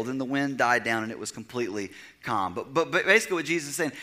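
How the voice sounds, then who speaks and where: A young adult man preaching a sermon, swinging from loud, emphatic stretches down to a hushed near-whisper. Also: mid-range voice, expressive, fast talker. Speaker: pastor.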